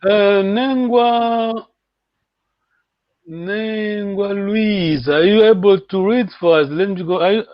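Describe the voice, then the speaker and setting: A man teaching a live online language class, patiently repeating words slowly and chuckling often, over a call microphone. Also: high-pitched, no room sound. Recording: dull, dry lo-fi stream audio.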